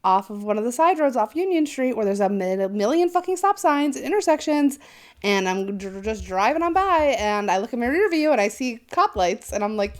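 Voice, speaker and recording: A woman's voice: on the high side, a little fast. A young woman co-hosting a podcast, telling a story in casual chat, swearing often and acting out the people she quotes. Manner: animated, swears often, acts out quoted voices. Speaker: podcast co-host.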